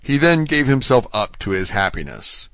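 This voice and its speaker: A man narrating a classic novel as an audiobook, in a steady, even storytelling manner. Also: medium pitch, normal speed, no echo. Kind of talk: scripted narration.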